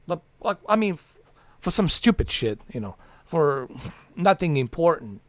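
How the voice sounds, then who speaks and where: A man's voice: on the high side, very animated, measured pace, no echo. A man hosting a casual livestream from home, rambling and swearing with lots of fillers. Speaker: livestream host.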